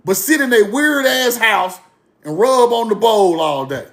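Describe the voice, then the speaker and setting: A man's voice: high voice, expressive, measured pace, fairly bright tone. A man ranting casually to his online audience, blunt, profane and mocking, repeating himself for effect. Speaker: online commentator. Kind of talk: casual rant to camera.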